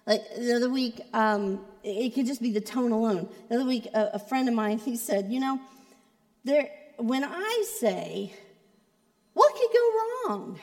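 A woman's voice: on the high side, moderate pace, a little mellow, in a large hall. A woman pastor giving a sermon in a conversational, playful way, with joking asides to the congregation. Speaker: creative arts pastor.

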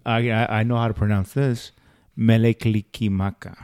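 A man's voice: medium pitch, little pitch movement, a little fast, darkish tone, clean tone, no room sound, clean studio sound. A young man in casual chat, curious and laughing, prodding his friend with questions. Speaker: conversation partner.

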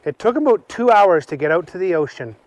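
A man telling an improvised children's story slowly while outdoors on a hike. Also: high voice, lively intonation, no room sound. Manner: slow, unhurried storytelling.

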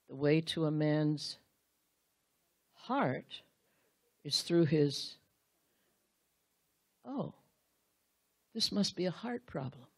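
A woman's voice: deep voice, fairly bright tone, dry recording. A woman Bible teacher giving a sermon, speaking earnestly and straight to the husbands in the room, acting out the quotes she reads.

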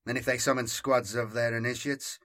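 A man voicing Sirian, a sardonic male veteran soldier who speaks in a wry, measured way in an audiobook reading. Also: mid-range voice, flat delivery, pushed and bright, close to an everyday voice.

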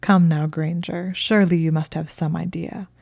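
A smug young wizard man with a smirking, needling way of talking, as a woman reading aloud puts him on. He rambles on in a fairly low, warm voice, dismissive and self-satisfied, recorded close and dry like an audiobook. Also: fairly even intonation, fairly quick, no echo, natural voice. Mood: exasperated.

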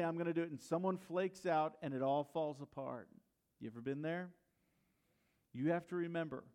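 A male pastor preaching a sermon, retelling a story and asking the congregation questions. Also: a little high.

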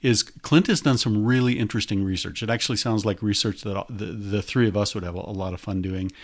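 A man's voice: fairly low pitch, fairly even intonation, fairly quick. An older man hosting a podcast in casual chat, with a chatty, hesitant manner. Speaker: podcast host.

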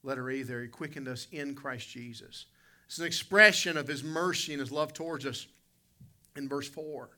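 A man's voice: mid-range voice, normal speed, bright, forceful tone. A man, preaching a sermon and telling a folksy personal story, calling out to people in the congregation. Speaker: pastor.

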